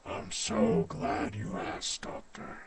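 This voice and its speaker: A sinister captor murmurs in a slow, breathy whisper, as a woman puts him on. The voice drops low and drags each word out. A steady hiss of noise sits under the home recording. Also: close to an everyday voice. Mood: menacing.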